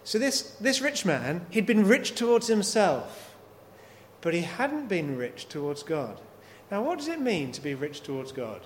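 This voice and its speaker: A man's voice: high-pitched, big pitch swings, a little slow. A man preaching a sermon, working through scripture with repeated rhetorical questions. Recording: long hall reverb, faint noise.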